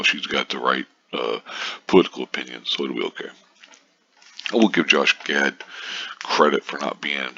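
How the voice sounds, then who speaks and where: A man with a very deep, gravelly voice rants casually, sarcastic and profane. His tone is bright and sharp, and the recording sounds dull and lo-fi. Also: no echo. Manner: profane, sarcastic, reads out posts and scoffs. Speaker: commentator. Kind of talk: casual political rant.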